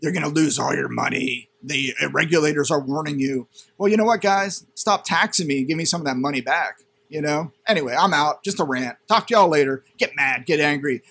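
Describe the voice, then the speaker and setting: A man's voice: on the high side, lively intonation, brisk, fairly bright tone, breathy edge. A man hosting a crypto channel, reading a news item aloud and ranting at it with sarcastic, indignant commentary.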